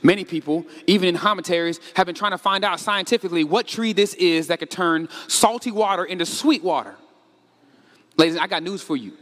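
A man preaches in an animated, conversational way, tossing question after question to his listeners and leaning on casual slang. His voice sits high for a man. The sound rings with the long reverb of a large hall. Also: fairly quick. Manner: animated, rhetorical questions to the congregation. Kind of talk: sermon.

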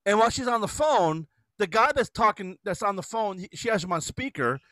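Man, casual podcast storyteller, high and animated, bright tone. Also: brisk, no room sound. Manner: animated storytelling, laughs often. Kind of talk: casual chat.

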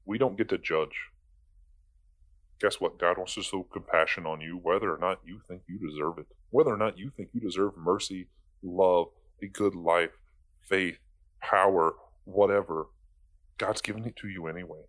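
Speaking at normal speed, a young man with a deep, fairly bright voice gives profane commentary on video. The rant is casual, sarcastic and exasperated, and he swears freely.

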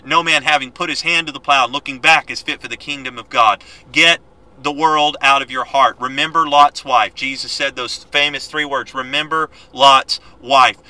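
Guy doing a bible study, really bright voice, reads verses fast, preachy and earnest. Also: medium pitch, rough recording. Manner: reads scripture aloud, earnest and exhorting; fast-paced with frequent filler and restarts. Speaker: Bible teacher.

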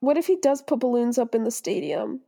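A woman's voice: a little high, animated, brisk, gravelly, mellow. A young woman co-hosting a casual fan podcast, gushing and squealing and laughing often. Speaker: podcast co-host.

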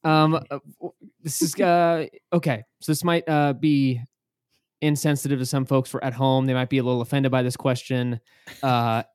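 A podcast host chatting casually and setting up a teasing question. The speech stumbles through fillers and restarts. The voice has a middle pitch and is recorded dry, with no room sound. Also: level tone, moderate pace, darkish tone, clear, resonant tone, dry recording. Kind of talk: casual chat.

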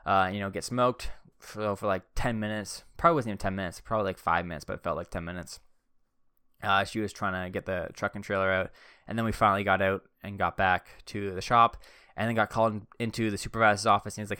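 A man's voice: on the low side, steady tone, a little fast, pushed and bright, smooth, dry recording, clean studio sound. A man in his thirties telling stories in a casual, rambling, laid-back way, with many fillers. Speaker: vlogger. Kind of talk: casual storytelling.

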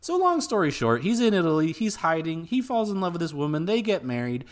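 A young man co-hosts a casual podcast, laying out a film plot in order and dropping in dry remarks. His voice sits a little high and moves around a lot in pitch. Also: brisk. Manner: steady, orderly storytelling with dry asides. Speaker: podcast co-host. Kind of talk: casual film recap chat.

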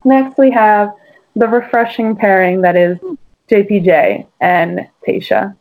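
A woman's voice: medium pitch, slow, darkish tone, low-quality recording. A woman co-hosting a casual podcast, chatty and full of "like" and "um". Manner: chatty, lots of "like" and "um". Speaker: podcast co-host. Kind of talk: casual chat.

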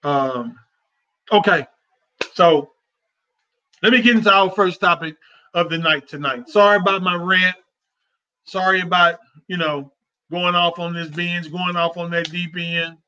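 Guy hosting a chatty talk show, kinda high bright voice, talks from the heart and repeats himself, muffled lo-fi sound. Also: measured pace, long pauses. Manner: heartfelt, repetitive, conversational. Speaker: host. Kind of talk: casual talk show, personal rant. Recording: dull lo-fi sound.

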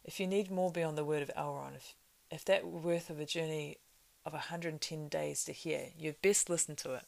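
Impatient old hobbit, woman reading; low, gravelly, brisk. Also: steady tone, a little mellow. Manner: brisk, reciting verse.

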